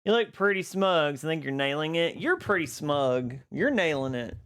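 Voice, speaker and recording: A live streamer on a boom mic, chatting casually with viewers, greeting them by name and laughing often. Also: expressive, moderate pace, fairly bright tone, clear, resonant tone.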